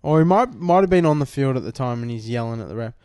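A young Australian man spins a rambling story in casual podcast chat, swearing freely. His voice comes across smooth and resonant, recorded close with a dry sound. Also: mid-range voice, lively intonation, quick pace, a little mellow, no room sound. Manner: rambling, swears often, acts out quotes. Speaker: podcast co-host. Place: lounge room.

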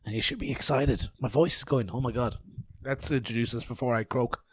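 A man talking on his podcast, loose and rambling with a self-mocking streak. His voice sits at an ordinary middle pitch. The sound is close and dry, with no room around it. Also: brisk, breathy edge, no echo. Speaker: podcast host. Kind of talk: casual chat and interview. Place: outdoor festival grounds in later part.

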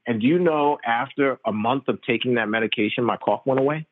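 A man, a physician interviewed as a guest, telling stories in an animated, slangy, casual way. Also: medium pitch, a little fast, no echo. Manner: animated, slangy, tells stories with quoted dialogue. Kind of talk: casual conversational storytelling. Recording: dry tinny phone-like line.

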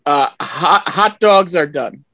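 A man's voice: fairly high pitch, expressive, slow pace. A man co-hosting a podcast, joking and laughing through a casual drinking game. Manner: loud, laughing, joking banter. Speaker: podcast co-host.

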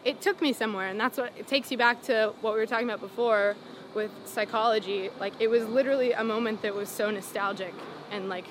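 A young woman, a singer-songwriter, telling her story in a casual interview, full of "like" and "um" and animated retellings. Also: on the high side, fast, a little hiss or hum. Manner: rambling, lots of "like" and "um", animated retelling.

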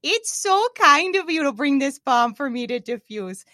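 A chatty, boastful woman radio producer, read aloud by a woman at the game table in a rambling, bragging tone. The voice swings widely in pitch and sits in a dry room with no echo. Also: expressive, moderate pace, sharp tone. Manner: rambling, bragging reading of scripted lines.

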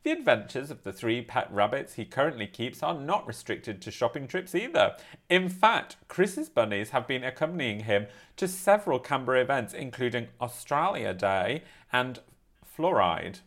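A man's voice: medium pitch, moderate pace. A man co-hosting a casual podcast, reading a quirky news story aloud and breaking off to joke and laugh as he goes. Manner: animated, laughs while reading, breaks off to comment. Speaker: podcast co-host.

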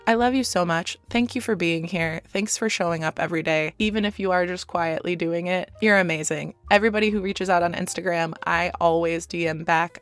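A young woman hosting a solo podcast, talking earnestly and affectionately to her listeners, with casual swearing. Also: lowish voice. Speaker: podcast host.

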